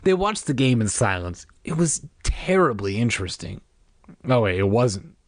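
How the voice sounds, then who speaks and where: A man's voice: mid-range voice, very animated, moderate pace, no echo, clean studio sound. A man reading a children's book aloud, tossing in wry asides. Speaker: reader.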